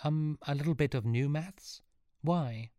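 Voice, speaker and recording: A bewildered, earnest young boy, as a man reads him, pitched up and asking one puzzled question after another. The storybook voice is raised and uncertain, and the sound is close and dry. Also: unhurried, mellow, no echo, close to an everyday voice.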